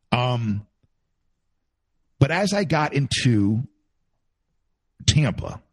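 A husky-voiced man chats with lively swings of pitch, slipping into mock announcer voices as he tells his stories. The sound is close and dry, with no room echo. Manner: animated storytelling, mimics announcer voices. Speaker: former radio host. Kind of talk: casual podcast chat.

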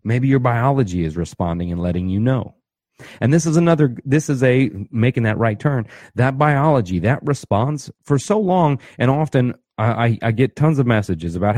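Dark husky man giving a motivational talk. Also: expressive, no echo. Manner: conversational, keeps asking "right?"; acts out inner voices with quick pitch jumps. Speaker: self-help speaker.

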